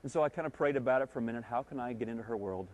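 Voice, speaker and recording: A man's voice: mid-range voice, racing, darkish tone. Man preaching a conversational sermon. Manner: storytelling, asks listeners questions. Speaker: guest speaker at a church service.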